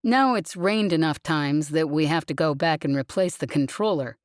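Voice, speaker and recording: A woman's voice: deep voice, moderate pace, no echo, lightly acted. A woman voicing a weary, wisecracking female demolition crew leader in an audiobook. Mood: wry. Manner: dry, joking about bureaucracy.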